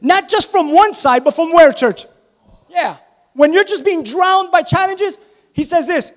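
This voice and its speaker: High-voiced preacher in a reverberant church. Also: male voice, a little slow. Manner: animated, tells personal stories and calls out to the congregation. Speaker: pastor. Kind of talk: sermon. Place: church sanctuary. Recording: long reverb of a large church hall.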